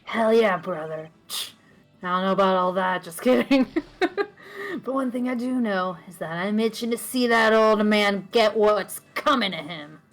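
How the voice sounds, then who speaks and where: A woman's voice: mid-range voice, moderate pace, soft background music, poor audio. A woman in casual, playful banter with friends while playing a game. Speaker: co-player.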